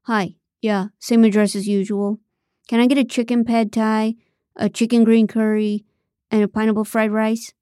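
A defensive, evasive young man on a reality show, voiced by a woman narrating an audiobook. He backpedals and stammers when pressed. The voice is mellow and sits close and dry. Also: on the high side, level tone, moderate pace, dry recording, close to an everyday voice. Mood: casual.

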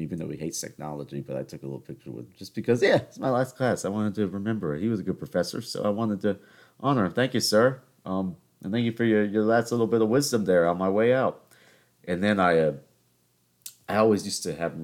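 Deep-voiced young man rambling casually. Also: a little mellow. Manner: rambling, joking, self-interrupting. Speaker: podcast host. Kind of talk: casual solo monologue.

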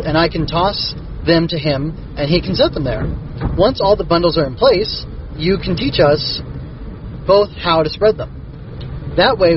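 A man's voice: sits high, lo-fi sound, noisy background, voice pushed up. A man voicing an earnest, helpful little bug creature explaining a plan.

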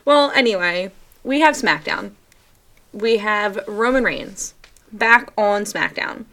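A woman's voice: medium pitch, lively intonation, gravelly, pushed and bright. A woman co-hosting a casual podcast, talking wrestling in a wry, questioning way. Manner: wry, questioning, quick to laugh. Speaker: podcast co-host.

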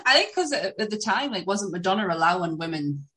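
A woman co-hosting a podcast in casual chat, chatty and quick to laugh. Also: medium pitch, big pitch swings, a bit bright. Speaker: podcast co-host.

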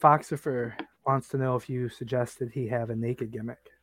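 A man in a podcast conversation, wry and hesitant and filling gaps with uhs. His pitch sits in the middle range, and the recording is dry and close. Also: steady tone, normal speed, no room sound. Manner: hesitant, filler-heavy, wry. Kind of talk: casual chat.

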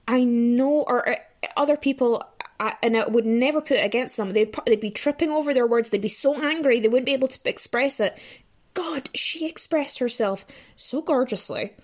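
A woman with a fairly high voice rants as a podcast host. She swears freely and sounds exasperated. Her talk is casual and animated. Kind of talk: casual commentary rant.

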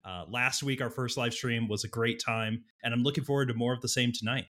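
A man's voice: mid-range voice, steady tone, a little fast, a bit bright. A man co-hosting a scholarly debate show, opening the live stream in an upbeat, eager way. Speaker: co-host, Old Testament scholar.

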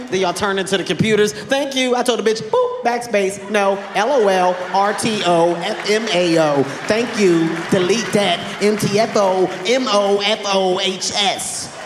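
A man doing stand-up comedy, telling stories in a loud, animated, profane way and acting out other characters. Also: high voice, a little slow, few pauses, in a large hall, a crowd in the background, background noise. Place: stage before a live audience.

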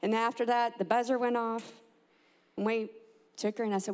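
A mother telling a family story, animated and acting out the quotes with big jumps in pitch. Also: moderate pace, clear, resonant tone. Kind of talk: personal storytelling. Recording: long hall reverb.

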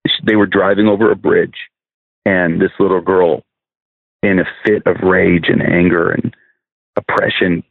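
Man, low voice, guest minister, earnest testimony, repeats words, dry phone-like audio. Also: gravelly, dry recording. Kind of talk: telling a testimony in a podcast interview. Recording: dry, phone-like narrow sound.

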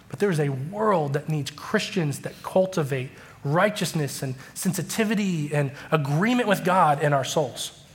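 A man preaching a sermon, telling stories and acting out quoted dialogue with lively emotion. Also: a little high. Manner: animated, acts out quoted dialogue. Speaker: pastor. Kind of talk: sermon storytelling.

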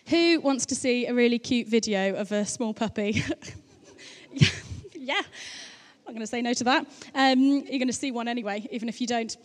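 A woman giving a sermon in a chatty, anecdotal way, with playful asides between her points. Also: fairly high pitch. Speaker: preacher. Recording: long reverb of a large hall.

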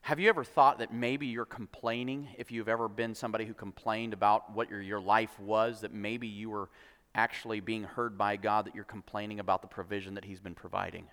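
A man's voice: lowish voice, level tone, brisk, fairly bright tone. A man preaching a sermon, telling the story playfully with quoted voices and jokes. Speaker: pastor. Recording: long hall reverb.

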